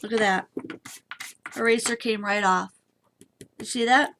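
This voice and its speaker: A woman's voice: on the high side, steady tone, a little slow, a bit bright, a little hiss or hum. A woman hosting a live papercraft stream, chatty and bubbly as she demonstrates and talks to her viewers. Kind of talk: casual craft demonstration.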